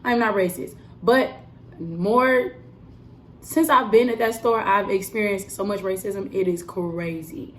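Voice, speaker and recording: A young woman telling a story in a casual, animated vlog style, emphatic and full of fillers. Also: mid-range voice, measured pace, slight background noise. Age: young adult. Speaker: vlogger and cosmetics counter worker.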